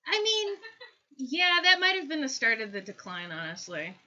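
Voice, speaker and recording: A woman hosting a casual comedic chat over a video call, telling rambling, animated stories. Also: high-pitched, normal speed. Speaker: host. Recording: dull lo-fi call audio.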